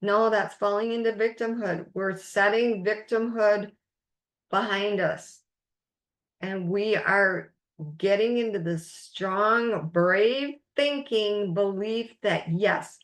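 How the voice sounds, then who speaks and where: A woman's voice: medium pitch, slow. A woman life coach teaching a recorded masterclass, speaking in an encouraging, emphatic way and stressing key words.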